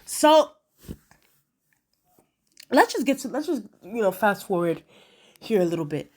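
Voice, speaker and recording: A woman in a casual episode review, chatty and animated, acting out quotes with lots of fillers. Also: medium pitch, measured pace. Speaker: video reviewer.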